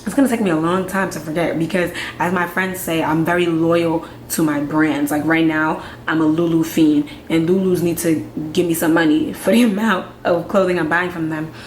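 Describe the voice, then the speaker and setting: A woman's voice: sits low, fairly even intonation, a little hiss or hum. Candid young woman in an echoey room. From Nigeria. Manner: frank, conversational, quick asides and rhetorical questions. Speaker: vlogger. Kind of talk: candid commentary to camera. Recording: echoey room with faint ambience.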